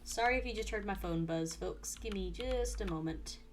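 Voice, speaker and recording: A woman streaming a game with casual commentary, excitable and swearing freely, swinging from quiet muttering to loud exasperated outbursts. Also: mid-range voice, moderate pace, slight background noise.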